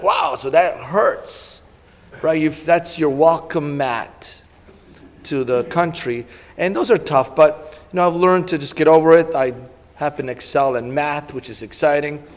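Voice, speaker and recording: Middle-aged Italian-born man, guest speaker, animated anecdotes, recorded with hall reverb. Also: fairly high pitch, moderate pace. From Italy. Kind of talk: storytelling talk to an audience.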